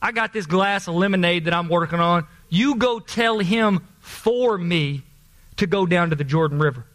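A man's voice: high voice, moderate pace, a bit bright. A man voicing a laid-back prophet who casually hands off orders to a servant. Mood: offhand. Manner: offhand, giving orders casually. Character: laid-back male prophet brushing off a visitor.

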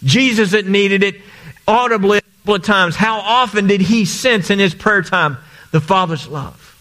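Earnest high-voiced male pastor preaching. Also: normal speed, pushed and bright. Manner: earnest, repeats phrases for emphasis. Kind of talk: sermon.

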